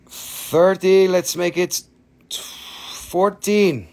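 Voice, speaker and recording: This Appalachian Valley man from the US hosts a live-stream rock and mineral sale, talking extremely slowly in a high, gravelly, darkish voice with fairly even intonation. He chats casually, jokes, swears, laughs a lot and slips into funny accents.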